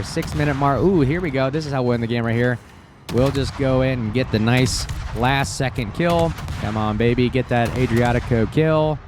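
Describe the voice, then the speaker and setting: A man giving casual, excitable gameplay commentary over a desk mic, chatty and full of fillers. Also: medium pitch, background noise.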